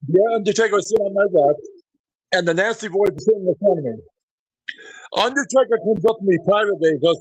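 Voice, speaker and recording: A man's voice: high-pitched, no room sound, rough recording. A middle-aged man, a professional wrestler, telling rambling backstage anecdotes with chuckles as an interview guest. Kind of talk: casual storytelling interview.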